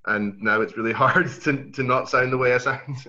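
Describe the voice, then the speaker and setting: A young man from Switzerland, a native Swiss German speaker, with an Aberdeen Scottish accent and American traces, chatting as a guest in a relaxed way with many restarts. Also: mid-range voice, moderate pace. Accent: Aberdeen Scottish mixed with Swiss and American traces. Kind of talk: casual interview chat. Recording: dull lo-fi audio.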